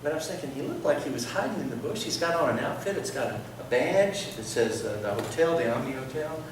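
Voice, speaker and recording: A man telling a lively story as a sermon, acting out the voices of the people in it. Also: medium pitch, fast, distant mic, background noise. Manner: animated storyteller, acts out quotes. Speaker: preacher giving a testimony. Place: large church sanctuary. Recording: echoey hall, heard from afar.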